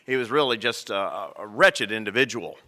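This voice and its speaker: A man preaching a sermon as rector, telling stories with dramatic pauses. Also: fairly low pitch, lively intonation, pushed and bright.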